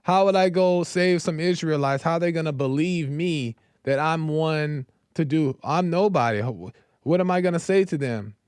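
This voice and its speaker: A man's voice: a little high, moderate pace, a little mellow, clear, resonant tone, no room sound, studio quality, natural voice. A man voicing Moses as a reluctant, doubting grown man who protests in casual slang. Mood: protesting.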